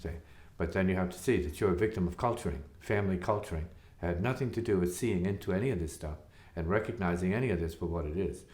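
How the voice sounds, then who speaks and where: In a low, darkish voice, a spiritual teacher talks fast with few pauses, musing rhetorically and repeatedly asking "see?" The room around him echoes.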